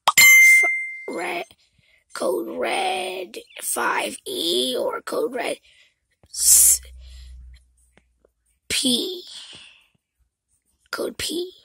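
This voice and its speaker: Rambling female vlogger, very high-pitched, slips into whispers. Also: gravelly, bright, forceful tone, dry recording, poor audio. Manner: rambling, often drops to a whisper. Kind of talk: casual rambling chat to camera.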